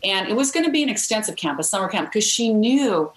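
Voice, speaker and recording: A woman's voice: medium pitch, big pitch swings, fast. A middle-aged woman, a guest author, telling a story earnestly in a podcast interview, with fillers and restarts. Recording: roomy echo.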